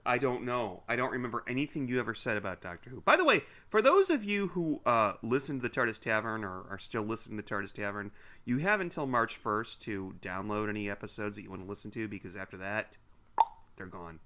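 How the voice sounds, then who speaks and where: A man's voice: lowish voice, expressive, brisk, pushed and bright. A man co-hosting a podcast, chatting casually and teasingly as he reads listener mail aloud with asides. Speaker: podcast co-host.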